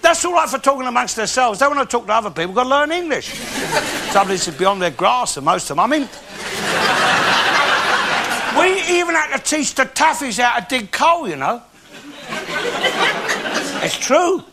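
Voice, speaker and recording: A grumpy, bigoted old London man rants in a high, swooping voice, swearing as he goes. His cockney talk is heavy with bluster. It comes from a noisy live TV recording in a theatre. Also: sing-song, brisk, full character voice. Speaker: comic character in a live stage show. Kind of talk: in-character comic monologue to a live audience. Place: theatre stage before an audience. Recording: noisy live TV show with audience laughter.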